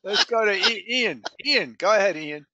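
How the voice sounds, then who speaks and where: A man's voice: sits high, lively intonation, normal speed, dull audio, noisy background. A man hosting a live sales training call, joking with the group and calling on people by name.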